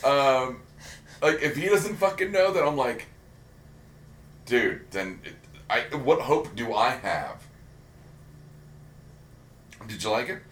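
A man's voice: medium pitch, expressive, slow, long pauses, fairly bright tone. Rambling, profane man in an echoey room. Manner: rambling, profane, self-mocking. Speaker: podcast co-host. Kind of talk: casual pop-culture chat. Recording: roomy echo with faint background hiss.

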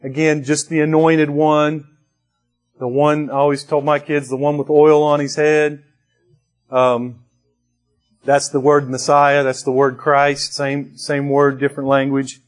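Slow-preaching man, slightly high voice. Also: little pitch movement, soft background music. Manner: slow, conversational preaching with restarts and rising emphasis. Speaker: pastor. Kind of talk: sermon.

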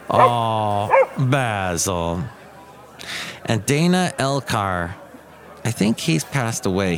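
A middle-aged man hosting a casual solo podcast, rambling and interrupting himself as he tells stories. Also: mid-range voice. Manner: rambling, self-interrupting storyteller. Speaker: podcast host and radio DJ.

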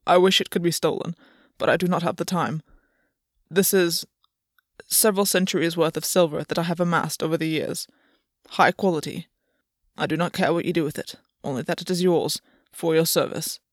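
Stoic male fae noble, measured and formal, very dry sound as a woman reads him. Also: on the low side, fairly even intonation, no echo, close to an everyday voice. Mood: solemn. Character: proud, weary male fae lord, reserved.

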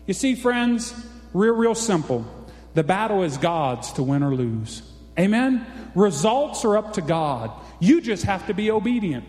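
A man's voice: sits high, very animated, unhurried, darkish tone. A man preaching a folksy, exclamatory sermon, often calling out for an amen. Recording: echoey hall reverb.

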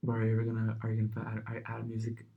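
A man's voice: lowish voice, monotone, racing, vocal fry, narrow, tinny audio. Young guy on a podcast, chill and swearing a lot, joking around. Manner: laid-back, profane, joking. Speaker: podcast co-host. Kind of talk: casual chat.

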